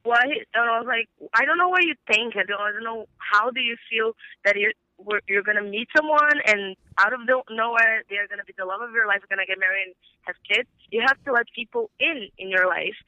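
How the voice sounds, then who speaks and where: A young woman calls in over a dull, narrow phone line, her voice thin and very bright. She tells her story in heated, swearing bursts and acts out what everyone said. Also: a little high, brisk, no echo. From Brazil. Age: 20s. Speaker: caller. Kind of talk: casual phone call.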